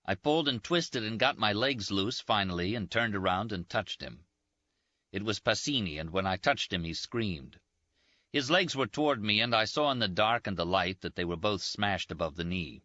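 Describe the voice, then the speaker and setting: A man reading a novel aloud in a measured, grave first-person narration, in a muffled dry recording. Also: on the low side, animated, pushed and bright, no echo. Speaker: audiobook narrator. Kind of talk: scripted narration.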